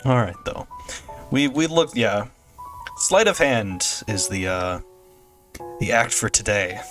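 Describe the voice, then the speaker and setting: Laughing, rambling young male streamer. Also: medium pitch. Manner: rambling, jokey, laughs often. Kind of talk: casual gameplay stream chat.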